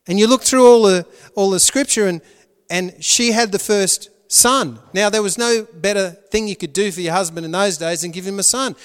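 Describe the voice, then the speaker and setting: A male pastor preaching a sermon, swinging between loud emphatic lines and hushed, prayerful ones. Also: high voice, normal speed, clear, resonant tone, big-room sound.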